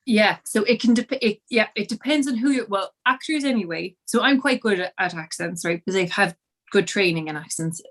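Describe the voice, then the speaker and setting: A woman's voice: medium pitch, expressive, a little fast. Chatty Irish woman acting coach. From Ireland. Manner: chatty, laughs often. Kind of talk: casual conversation.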